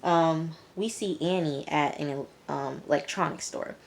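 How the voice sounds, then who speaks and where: A young woman with a notably low-pitched voice talks through a TV episode in a relaxed, chatty recap. She fills her sentences with "um," "like" and "you know" as she goes. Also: unhurried, vocal fry. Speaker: TV reviewer.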